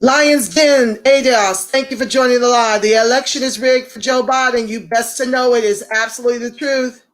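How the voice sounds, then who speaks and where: A woman's voice: fairly high pitch, steady tone, normal speed. A woman hosting a casual livestream, talking straight to viewers and greeting commenters by name. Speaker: livestream host.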